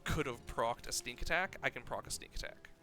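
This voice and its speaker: Brief: male streamer, casual play-by-play, explains mechanics out loud, quick excited reactions, middle pitch, game music behind. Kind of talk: casual gameplay commentary.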